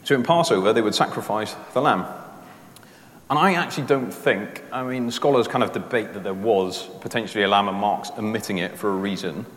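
Guy giving a sermon, lowish voice, chatty and explaining things, big echoey church hall. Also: a little fast. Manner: conversational, explaining step by step with everyday examples. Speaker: preacher. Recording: roomy echo with long reverb in a hall.

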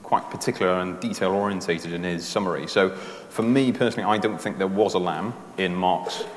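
A man's voice: deep voice, brisk. A man preaching a sermon in a conversational way, explaining his points step by step with everyday examples. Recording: roomy echo with long reverb in a hall.

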